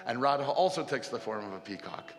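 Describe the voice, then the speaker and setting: A man retelling a devotional story in a casual, animated way to a festival gathering. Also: medium pitch, quick pace. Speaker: spiritual storyteller. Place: festival hall. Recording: long hall reverb, faint music.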